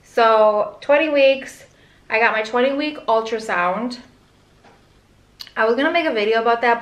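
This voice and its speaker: A young pregnant woman vlogs casually about her pregnancy, speaking candidly to the camera in a slightly high voice. She's chatty and rambling, peppering her talk with "like" and quick asides, and the room she's in echoes noticeably.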